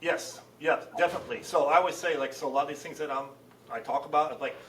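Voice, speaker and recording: Middle-aged male CEO guest, rapid animated storyteller, voice distant and roomy. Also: fairly high pitch, a little hiss or hum. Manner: animated storyteller acting out dialogue. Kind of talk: casual podcast conversation. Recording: roomy, distant mic with faint ambience.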